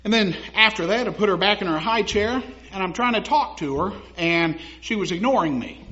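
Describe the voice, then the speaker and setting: A man's voice: sits high, animated, fairly quick, sharp tone. A young man preaching a sermon in a conversational way, laughing at his own stories and building to emphatic passages. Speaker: pastor. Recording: dull lo-fi sound.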